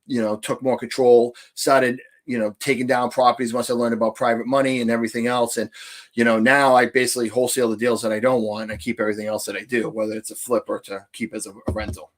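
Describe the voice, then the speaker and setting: A man's voice: mid-range voice, little pitch movement, fast talker. Rambling man with a Boston accent. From New Hampshire. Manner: long-winded and rambling. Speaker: podcast guest. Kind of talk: casual interview chat.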